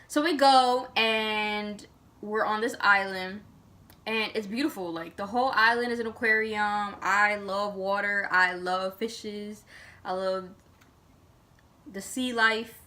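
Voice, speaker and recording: A young woman vlogger telling a personal story in a casual, chatty way, full of fillers and animated turns. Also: medium pitch, slow pace.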